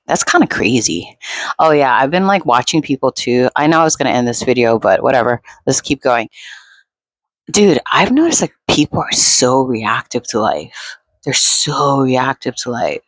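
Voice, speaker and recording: A woman's voice: a bass voice, no echo. A woman vlogger rambling in a laid-back, unscripted monologue, full of fillers.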